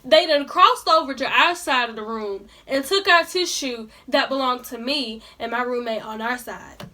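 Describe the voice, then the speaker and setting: A woman's voice: sits high, moderate pace, bright, forceful tone. A young woman telling a storytime vlog in colloquial speech, indignantly ranting straight to her viewers. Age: young adult. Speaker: vlogger.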